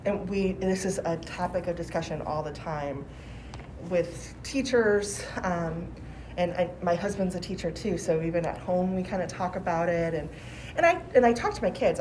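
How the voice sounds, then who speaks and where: A woman in her forties, a teacher, answering interview questions in a thoughtful, measured way with restarts. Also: fairly low pitch, background noise. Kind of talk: conversational podcast interview.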